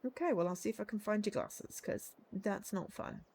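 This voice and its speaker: A woman, streaming and reading a narrative game aloud, chatty and animated with joking asides. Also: mid-range voice, normal speed, gravelly, a little hiss or hum.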